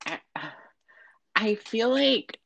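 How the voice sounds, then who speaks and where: A woman's voice: a little high, expressive, very slow, gravelly, a bit bright, muffled recording, slight background noise. A teenage girl co-hosting a casual podcast, rambling and hesitating with many fillers. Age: late teens. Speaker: podcast co-host. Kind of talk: casual chat.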